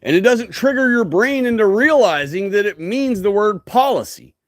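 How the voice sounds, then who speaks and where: High-voiced man in a dry, ranting monologue. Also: expressive, moderate pace, dry recording. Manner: ranting, preachy, emphatic lecturing; frequent tag questions, "okay?" and "right?". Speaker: livestream host. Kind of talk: solo livestream monologue.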